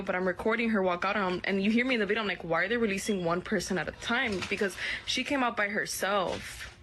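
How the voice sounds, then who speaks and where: A woman's voice: medium pitch, a bit bright, slight background noise. A woman casually recounting events, rambling and filling her talk with "like" and "whatever". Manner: rambling, heavy use of "like" and "whatever". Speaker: witness recounting events in a clip. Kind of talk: casual storytelling.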